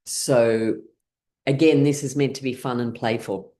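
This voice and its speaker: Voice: mid-range voice, fairly even intonation, a little slow, mellow. A playful, middle-aged instructor guiding an online laughter class over a video call. They talk in an easy, upbeat way, break into laughter often, and lead the group through counts and chants.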